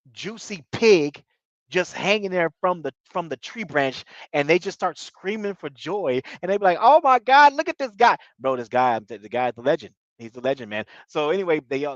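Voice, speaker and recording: A man's voice: a little high, dry recording. A man with a slightly raised voice talks through a TV episode in a loose, rambling way, circling back on his words and tossing in filler phrases. The recording is dull and lo-fi, and very dry, with no room sound. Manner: rambling, repeats himself, fillers like "you know what I mean". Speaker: TV show reviewer. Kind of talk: casual episode recap.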